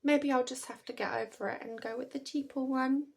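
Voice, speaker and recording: A British woman talking at home in a loose, rambling vlog, breaking into laughs here and there. Her voice sits a little high, with a husky, gravelly edge, and she takes her time over every thought. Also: fairly even intonation, a little fast. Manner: rambling, chatty, laughs often. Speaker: vlogger. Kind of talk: casual chat to camera.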